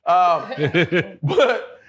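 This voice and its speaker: A middle-aged male actor telling stories in a casual interview, animated and profane, acting out the voices of people he quotes and laughing often. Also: high-pitched, very slow.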